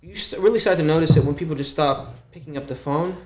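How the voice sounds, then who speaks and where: A man's voice: fairly high pitch, fast, darkish tone, roomy sound, soft background music. A young man guesting on a podcast, telling stories in a loose, profane way with lots of fillers. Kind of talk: casual podcast chat.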